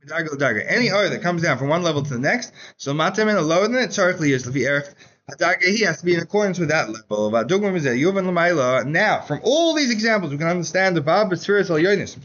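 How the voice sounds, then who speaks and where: A man teaching a Chassidus class in a casual, animated storytelling way, saying "like" often. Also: sits high, highs cut off, a little hiss or hum. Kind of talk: Torah class lecture with storytelling.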